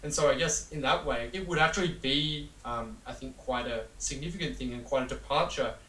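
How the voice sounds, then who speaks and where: Man, reporter explaining his story, mid-pitch, faint hiss on a distant mic. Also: fairly quick, bright, forceful tone, roomy sound. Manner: rambling with many fillers, laughs at absurdity. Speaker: journalist being interviewed. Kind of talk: conversational explanation.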